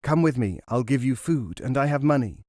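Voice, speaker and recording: A man's voice: mid-range voice, lively intonation, moderate pace, a little mellow, no echo, studio quality, close to an everyday voice. A male narrator voicing a careful, anxious woman who works as a housekeeper, speaking urgently and soothingly.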